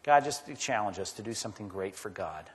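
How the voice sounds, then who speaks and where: Animated preacher in a reverberant hall. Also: male voice, a little fast, a little hiss or hum. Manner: animated, acts out quoted voices with big pitch jumps. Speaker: pastor. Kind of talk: sermon.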